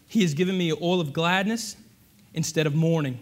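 A man preaching a sermon, animated and conversational, asking the congregation rhetorical questions. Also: fairly high pitch, fairly quick. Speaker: pastor.

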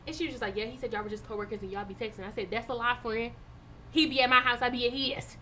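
High bright-voiced woman telling a story. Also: quick pace, a little hiss or hum. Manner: animated storytelling, swearing, laughing often. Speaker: podcast co-host. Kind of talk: casual chat.

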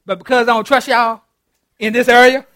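A man's voice: extremely high pitch, brisk, dry recording, studio quality. A middle-aged man, preaching an interactive sermon as pastor, laughing often and calling out to his congregation. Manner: animated, laughing, calls out to the congregation. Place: church.

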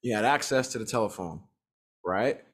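A man's voice: fairly low pitch, moderate pace, a bit bright. A man chatting casually, using loose slang and laughing often. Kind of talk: casual chat.

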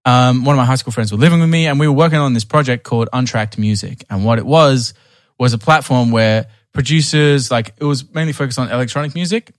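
A young man tells a long story in a relaxed conversation. He restarts his sentences and fills gaps with "like" and "um." His voice sits at a middle pitch and is recorded dry and close. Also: quick pace, dry recording. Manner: rambling, many restarts and fillers. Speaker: podcast guest.

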